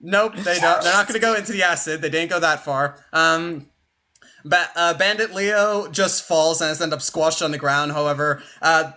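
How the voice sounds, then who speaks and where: A young man narrating as game master, lively and quick, with plenty of "uh" and "like". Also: a little high. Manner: animated, fast, filler-heavy.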